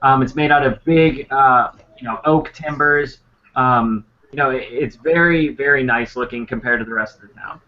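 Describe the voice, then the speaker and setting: A man narrating as game master of a tabletop game, rambling and pausing often for fillers. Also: mid-range voice. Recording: muffled lo-fi recording.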